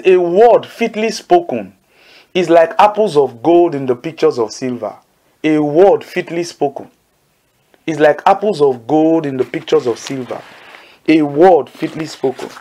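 Guy preaching to callers, high pitched, keeps repeating his key lines. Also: unhurried, mellow. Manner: emphatic, repeats key phrases, asks listeners to say lines with him. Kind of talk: call-in Bible teaching.

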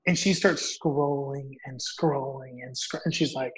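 A man telling a story as a guest author, acting out the dialogue in an animated way. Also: a little high, moderate pace. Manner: animated, acts out quoted dialogue. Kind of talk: storytelling in an interview. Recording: dull lo-fi audio.

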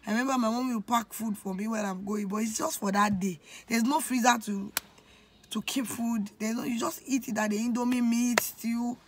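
A woman's voice: fairly high pitch, fairly even intonation, normal speed, a little hiss or hum. Nigerian woman telling a personal story. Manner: emotional, confiding storytelling that addresses viewers directly. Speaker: vlogger. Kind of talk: storytime vlog.

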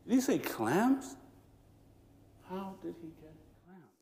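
A man voicing Tide Woman, a female tide spirit in a told legend, speaking high and crying out. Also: very animated, takes it slowly, gravelly, darkish tone, full character voice. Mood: suspicious. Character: female tide spirit, suspicious then anguished. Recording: echoey lecture room.

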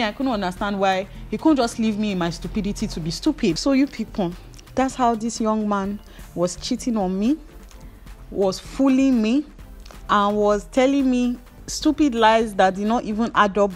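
A young Nigerian woman hairdresser hosting a vlog, telling a casual personal story in an animated way and acting out her inner voices with dramatic flair. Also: medium pitch, moderate pace, soft background music. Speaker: hairdresser host.

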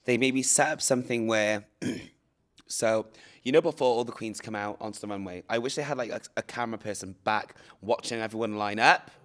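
A British man, a guest in a casual interview, telling stories in an animated way and often correcting himself. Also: on the low side, normal speed. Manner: animated storyteller, self-correcting.

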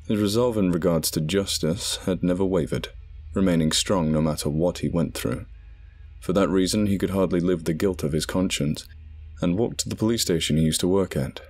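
A man narrating a scripted horror story in a measured, dramatic way. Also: low voice, darkish tone, slightly rough. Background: background music.

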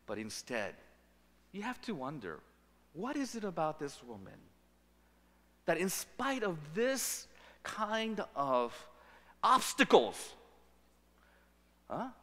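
A man preaching a sermon as pastor, animated and acting out the lines he quotes. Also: high-pitched, slow, pauses often. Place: church sanctuary. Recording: long reverb of a church sanctuary.

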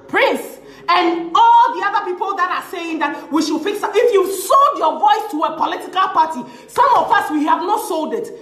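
Indignant high-pitched Ghanaian woman ranting. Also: fairly bright tone, echoey room. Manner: indignant, scornful, laughing as she speaks. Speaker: social commentator. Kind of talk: impassioned rant.

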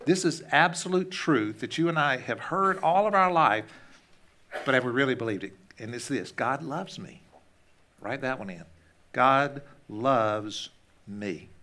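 Male pastor, mid-pitched, casual sermon delivery with loud-soft swings. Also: expressive, moderate pace, a little hiss or hum. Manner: conversational, repeats words when restarting; shifts between loud emphasis and hushed asides.

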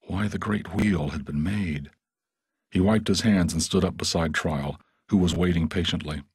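A man narrating an audiobook in a somber, steady storytelling manner. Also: low voice, normal speed, breathy edge, dry recording.

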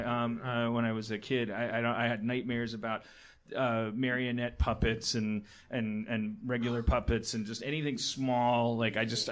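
A man telling a story in casual chat, rambling and halting, with many restarts, often laughing as he talks. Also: mid-range voice, a bit bright.

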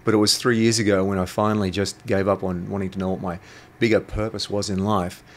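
A man's voice: on the low side, flat delivery, fast talker. A man, a guest telling stories in an interview, blunt and provocative, swearing freely. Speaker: guest, intuitive coach. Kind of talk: storytelling interview talk.

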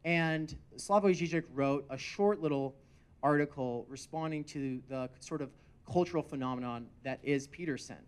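A man's voice: on the high side, normal speed, smooth. Man hosting, loose hesitant introduction. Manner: loose, hesitant, full of fillers and restarts. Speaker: event host introducing the speaker. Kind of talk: casual spoken introduction.

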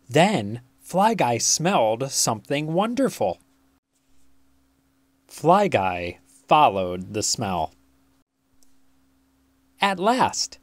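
A storybook reader takes their time over every phrase, reading for young children. The pitch rises and falls in wide, lively swings. The recording is dry and close, with no room sound. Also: no room sound. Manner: very slow, deliberate and expressive. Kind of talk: read-aloud storytelling.

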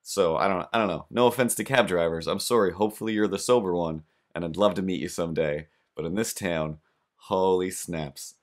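A young man with a deep, low voice tells a comic story in a rambling way. He often makes fun of himself as he goes. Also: fairly quick. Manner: rambling, self-deprecating. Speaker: podcast host.

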